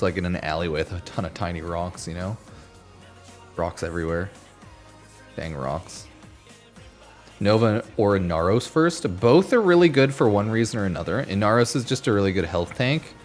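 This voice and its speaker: Animated man ranting casually on stream. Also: low-pitched, moderate pace, soft background music. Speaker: gaming streamer. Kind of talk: casual chat.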